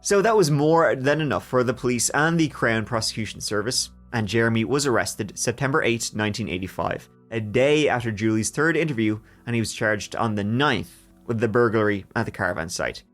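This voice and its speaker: A man hosting a true crime podcast, telling the story in a lively way with jokes along the way. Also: medium pitch, brisk, hardly any pauses, soft background music. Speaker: podcast host.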